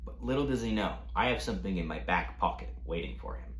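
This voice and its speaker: A young man telling a storytime rant with animated, profane delivery. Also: deep voice, fast. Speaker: vlogger. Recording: echoey room.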